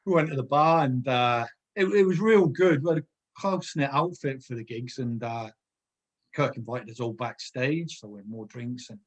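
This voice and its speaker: Man, middle-aged, podcast guest, husky tone, rambling anecdotes. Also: medium pitch, normal speed. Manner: rambling anecdotal storytelling, many restarts. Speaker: guest, former footballer. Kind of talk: casual podcast chat.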